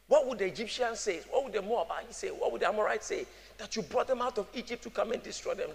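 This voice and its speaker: A man preaches in a high, gravelly voice, calling on the congregation to answer him back. His words ring out with a long hall reverb while soft music plays underneath. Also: expressive, normal speed, long pauses. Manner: preaching with call-and-response, acting out voices. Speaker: pastor. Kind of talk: sermon.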